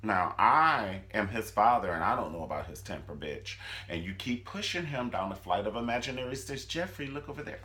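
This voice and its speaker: A man's voice: lowish voice, expressive, fairly quick, hardly any pauses, pushed and bright. A man doing a crude, furious husband. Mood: threatening. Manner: crude, blunt and threatening.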